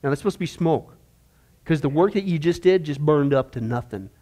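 A man teaching a discipleship Bible class in a conversational, animated way, using homey analogies and checking in with the class with frequent "okay?". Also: on the high side, brisk, slight background noise.

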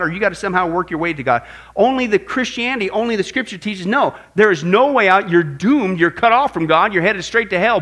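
A man teaching a sermon-style apologetics lesson as pastor, emphatic and animated, often asking his listeners questions. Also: high voice. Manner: emphatic, animated, asks audience rhetorical questions.

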